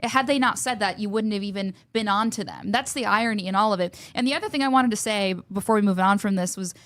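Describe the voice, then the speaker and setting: A woman's voice: medium pitch, fast talker, fairly bright tone, dry recording. Woman, political panelist, questioning tone, dry close sound. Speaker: show contributor.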